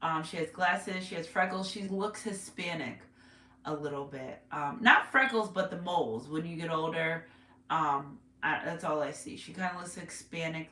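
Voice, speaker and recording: Bright-voiced woman doing a rambling tarot reading. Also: mid-range voice, recorded from a distance, slight background noise. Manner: rambling, self-interrupting, emotional. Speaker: tarot reader. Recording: roomy echo, voice off-mic.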